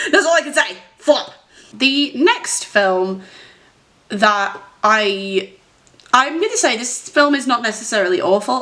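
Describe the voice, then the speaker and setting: A woman's voice: fairly high pitch, fairly bright tone. A young woman vlogger giving chatty, rambling opinions on films with frequent tangents and giggles. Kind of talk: casual film commentary vlog.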